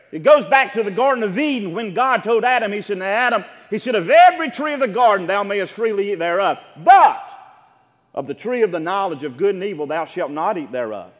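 A man's voice: high-pitched, in a large hall. A male pastor preaching a sermon, emphatic, drawing out words and calling questions to the congregation. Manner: emphatic preaching with rising shouts and drawn-out words.

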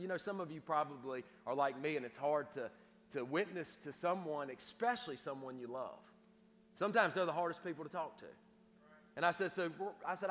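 In a reverberant church sanctuary with faint background noise, a preacher recounts something personal in a medium-pitched, fairly bright voice. He frequently stammers, repeats words, and starts over.

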